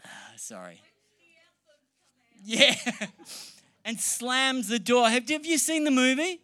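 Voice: sits high, wildly swooping pitch, takes it slowly, bright, forceful tone. Earnest preacher who repeats for emphasis. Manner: mixes light humor and banter with the room. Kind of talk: sermon to a live congregation. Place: church hall or meeting room with an audience.

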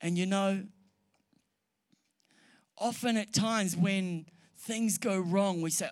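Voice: medium pitch, slow, long pauses, darkish tone. A preacher giving a sermon to a live congregation in a church room. The preacher speaks earnestly, repeats key phrases for emphasis, and mixes in light humor and banter with the room. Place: church hall or meeting room with an audience.

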